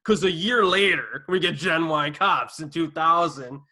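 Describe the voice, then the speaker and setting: A man with a fairly high, bright voice hosts a casual film podcast. He talks with enthusiasm, cracks jokes and slips in quick asides. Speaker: podcast host. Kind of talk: casual movie discussion.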